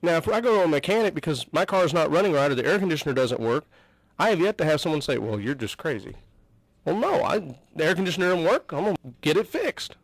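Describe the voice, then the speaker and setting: A man's voice: fairly high pitch, sing-song, quick pace, no room sound, low-quality recording. A man hosting an interview, explaining and asking questions earnestly. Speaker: host.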